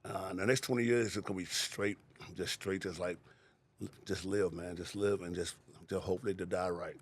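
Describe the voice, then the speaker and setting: A man's voice: low voice, steady tone, fairly quick. A man in his sixties chatting as a podcast guest in a laid-back, rambling way, laughing often and peppering his talk with "man". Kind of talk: casual interview chat.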